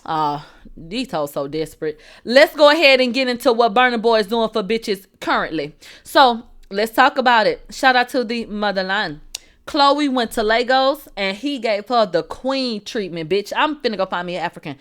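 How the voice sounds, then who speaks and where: A woman hosting a celebrity gossip livestream. She talks in a brash, profane way, laughs, answers her chat, and swings from low asides to loud outbursts. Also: animated, normal speed, clear, resonant tone. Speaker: host of a celebrity gossip show. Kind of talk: livestream entertainment gossip commentary.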